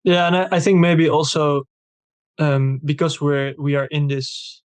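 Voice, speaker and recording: A man hosting a casual interview, speaking thoughtfully and hesitantly with many pauses. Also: on the high side, fairly even intonation, clear, resonant tone, no echo. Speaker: host.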